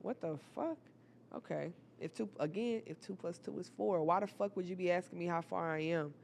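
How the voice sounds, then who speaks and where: A young woman telling a personal story to her viewers in a casual, animated, profane way, often calling out to the audience. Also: lowish voice, a little fast, vocal fry, slight background noise.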